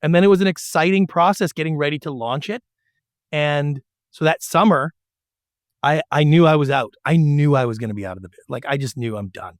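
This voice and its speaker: A man's voice: fairly high pitch, fairly quick, no room sound, clean studio sound. A middle-aged man telling stories in an interview about his years as a TV producer and slipping into voices to act out what people said. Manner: animated storyteller who acts out quotes. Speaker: guest, former TV producer. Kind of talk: storytelling interview.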